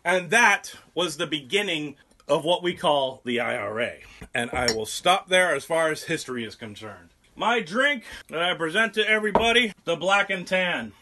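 A man's voice: on the high side, animated, moderate pace, sharp tone, slight background noise. A young man hosting a podcast, rambling through history in casual talk, profane and sarcastic. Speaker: podcast host.

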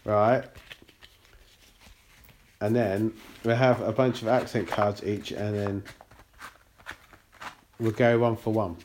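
A man's voice: lowish voice, fairly even intonation, takes it slowly, long pauses, darkish tone. A man chats casually on a podcast, laughing often between his words. He trips over repeated words as he talks. A faint noise sits behind the recording. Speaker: podcast co-host. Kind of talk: casual chat.

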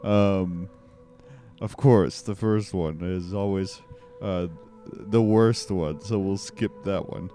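A man's voice: deep voice, fairly even intonation, slow, mellow, faint music behind. A man putting on a comic impression of a male president who stalls and rambles evasively.

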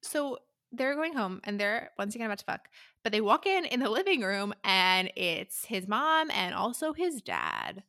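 A woman's voice: medium pitch, wildly swooping pitch, moderate pace, pushed and bright, no room sound, studio quality. A young woman co-hosting a casual chat, recapping a story with frequent laughs and acted-out quotes. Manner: chatty, laughs often, acts out quotes. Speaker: podcast co-host.

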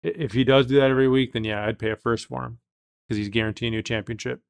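A man's voice: mid-range voice, steady tone, very fast, gravelly, no room sound. A man hosting a podcast, casual chat, talking emphatically and thinking aloud with restarts. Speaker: podcast host.

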